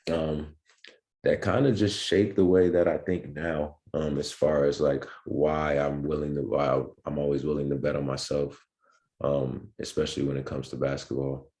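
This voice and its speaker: A young man with an extremely deep, low voice speaks as a podcast guest. He tells his story in a relaxed, unhurried way and fills his pauses with ums and restarts. The feel is casual interview talk. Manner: laid-back, filler-heavy storytelling. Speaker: podcast guest, pro basketball player.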